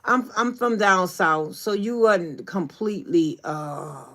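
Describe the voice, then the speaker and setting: A woman's voice: lowish voice, slow. Chatty Southern woman hosting a livestream. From New Orleans, Louisiana. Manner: chatty, greets viewers by name, drawling and animated. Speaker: YouTube coach hosting a livestream. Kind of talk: casual livestream chat.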